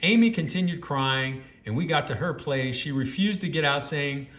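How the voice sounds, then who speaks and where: A man's voice: on the high side, expressive, normal speed, a bit bright, roomy sound. A man reading a first-person story aloud and breaking off into judgmental, scolding commentary.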